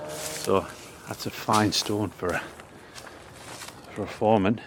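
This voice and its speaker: A man's voice: on the low side, steady tone, background noise. Breathless man on an outdoor history walk. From North East England. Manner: reads old headstone inscriptions with pauses and restarts. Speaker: local history vlogger. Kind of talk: casual walking tour commentary. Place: outdoors in a cemetery.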